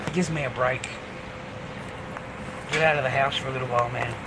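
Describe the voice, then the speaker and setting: A man's voice: mid-range voice, fairly even intonation, brisk. A man with an Australian accent in a rambling, casual monologue, talking bluntly and profanely and calling the listener "mate" over and over, recorded outdoors on a city street. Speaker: vlogger. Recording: noisy street with passing traffic.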